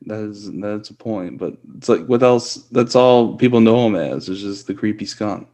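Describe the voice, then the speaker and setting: A young man co-hosting a comedy podcast, talking in a hesitant, skeptical, low-key way. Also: normal speed, mellow. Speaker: podcast co-host. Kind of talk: casual comedic chat.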